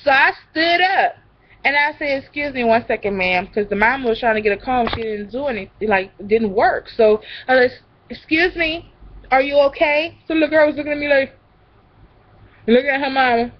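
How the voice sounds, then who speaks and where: A woman's voice: high-pitched, fairly quick, muffled recording. A young woman telling rambling stories in a casual vlog, drifting from one tangent to the next. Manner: chatty, rambling, goes off on tangents. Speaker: vlogger.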